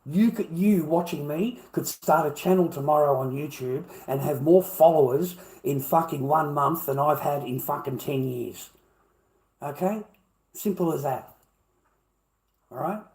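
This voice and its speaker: A man's voice: on the high side, darkish tone. A middle-aged man with an Australian accent ranting to his livestream chat, blunt and swearing constantly as he repeats his points. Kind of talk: profane livestream rant to chat.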